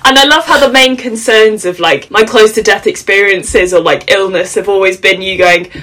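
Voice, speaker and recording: A woman in casual podcast chat, laughing easily and telling jokey stories. Her voice sits in a middling pitch for a woman, relaxed and conversational. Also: moderate pace, low-quality recording. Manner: animated, laughs often, jokey storytelling. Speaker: podcast co-host.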